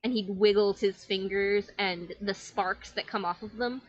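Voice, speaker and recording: A woman's voice: medium pitch, fairly even intonation, measured pace, no echo, dull audio. A woman narrating a tabletop game as game master, in flowing, descriptive storytelling.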